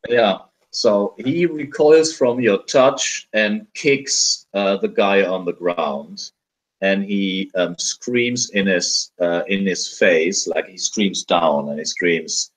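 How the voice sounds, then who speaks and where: Slow, hesitant game master with a low voice. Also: male voice, rough recording. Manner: hesitant, many fillers and restarts. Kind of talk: running a tabletop game over a call.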